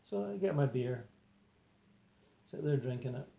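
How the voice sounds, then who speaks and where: A man recounting an out-of-body experience, talking in a hesitant, rambling way with many pauses and fillers. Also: mid-range voice, lively intonation, creaky, warm tone, lo-fi sound. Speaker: journal narrator. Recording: roomy echo.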